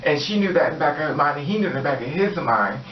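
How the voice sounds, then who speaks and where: A man's voice: a little high, lively intonation, fast talker, slight background noise. A man casually retelling a story in a rambling, filler-heavy way, slipping into quoted voices. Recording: roomy, distant, dull, faint ambience.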